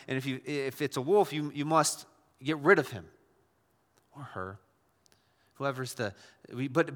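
A man's voice: mid-range voice, bright, forceful tone, big-room sound. A man preaching a sermon as a pastor, talking conversationally with frequent restarts and repeated words.

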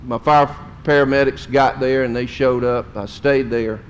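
A man's voice: mid-range voice, steady tone, normal speed, a little hiss or hum. Folksy middle-aged preacher man. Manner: folksy, emotional storytelling with drawled Southern phrases. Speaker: pastor. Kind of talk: sermon storytelling.

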